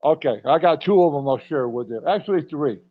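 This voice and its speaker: A man's voice: a little high, animated, brisk, no echo. A middle-aged man, a pro wrestler as podcast guest, telling rambling anecdotes and chuckling between lines. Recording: dull, dry lo-fi audio.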